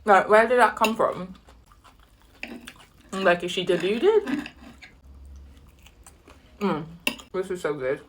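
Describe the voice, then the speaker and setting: An animated woman tells a story over her dinner in a mid-range voice. She leaps into high, exasperated outbursts and pauses to savor her food with soft murmurs. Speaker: vlogger. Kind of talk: casual storytelling while eating.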